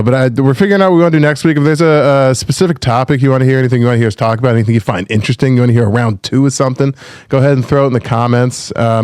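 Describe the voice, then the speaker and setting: A man's voice: mid-range voice, a little mellow, clear, resonant tone, dry recording, clean studio sound. A man co-hosting a podcast with rambling, wisecracking, profane chat. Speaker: podcast co-host.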